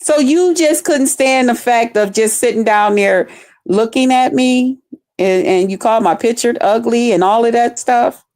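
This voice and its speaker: A woman's voice: a little high, measured pace, a little mellow. A woman streamer delivering an angry, profane, repetitive rant aimed at a rival.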